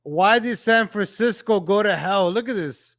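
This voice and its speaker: A man's voice: high voice, measured pace, a bit bright. A man reacting to old street footage, ranting with exasperation and repeating his phrases over and over. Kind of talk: reaction commentary.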